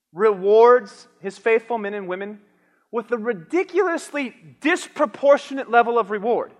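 A man preaching a sermon, lively and animated, dramatizing a Bible story with booming lines for the king. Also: in a large hall. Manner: animated, acts out the king's lines with shouts. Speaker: pastor.

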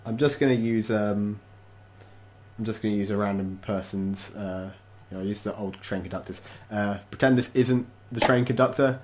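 A young man narrating as game master, halting with many fillers and laughing often. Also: lowish voice, steady tone, a little mellow, a little hiss or hum.

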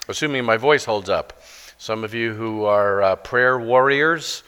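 A middle-aged man preaching a sermon with stories, self-deprecating and halting, with many restarts. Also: on the low side, pushed and bright, clear, resonant tone. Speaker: guest preacher. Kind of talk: sermon with storytelling. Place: church sanctuary. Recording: long church reverb.

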